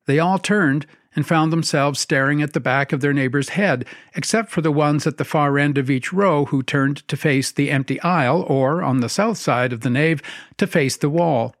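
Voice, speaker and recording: A man narrates a story in a wry, measured way, his voice sitting a little high for a man. The sound is dry and close, with no room around it. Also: no room sound. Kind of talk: scripted narration.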